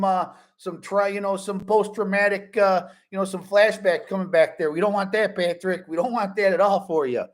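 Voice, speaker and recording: A man in his forties hosting a fan live stream, chatting casually with viewers and joking a lot. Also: high-pitched. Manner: animated, joking, repeats catchphrases.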